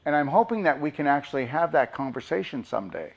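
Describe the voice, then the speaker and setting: A man's voice: a little high, very animated, quick pace, gravelly, lo-fi sound. A man, a doctor, giving an impassioned motivational talk and pressing his audience with rhetorical questions.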